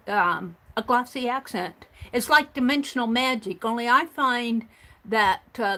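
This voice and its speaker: A woman with a fairly high voice hosts a craft livestream. She rambles casually and talks to herself as she works. She laughs easily and often restarts her sentences. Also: fairly bright tone. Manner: chatty, talks to herself and reads viewer comments aloud.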